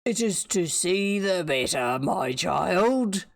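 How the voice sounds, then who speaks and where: A woman with a New Zealand accent reading as a sly wolf posing as a grandmother, in a slow, coaxing voice with a gravelly edge. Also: on the low side, expressive, full character voice. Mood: menacing.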